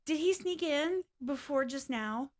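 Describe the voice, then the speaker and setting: A woman's voice: high-pitched, expressive, measured pace, soft background music. A woman vlogging in a casual, rambling way, apologizing often and swearing now and then. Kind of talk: casual reaction vlog chat.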